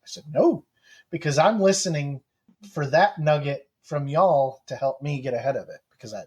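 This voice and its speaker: A man's voice: fairly high pitch, a little fast, a little mellow, slightly rough, dull audio. A man in a casual group discussion, speaking candidly and with self-deprecation.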